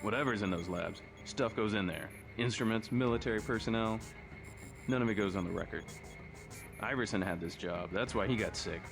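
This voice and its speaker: A man's voice: lowish voice, fairly quick, vocal fry. An actor playing a paranoid, resentful male office technician in a video game. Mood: bitter. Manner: resentful, fatalistic. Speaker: game character. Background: game music.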